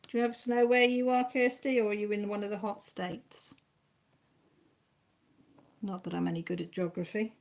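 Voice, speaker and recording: A woman's voice: medium pitch, steady tone, normal speed, creaky, pauses often. A Welsh woman hosting a live stream from home, chatting casually and reading out viewers' comments in a homely, slangy way with the odd mild swear. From Wales.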